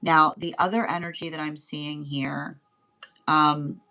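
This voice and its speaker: A woman giving a spoken tarot reading in a halting, chatty way, often restarting and repeating words. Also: sits low, gravelly. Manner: grows animated and laughing. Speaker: tarot reader.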